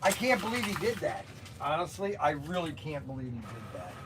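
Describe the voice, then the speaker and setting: A man's voice: on the high side, very animated, fairly quick, noisy background. A man who owns a toy shop, chatting casually on a livestream while packing orders, with frequent exclamations.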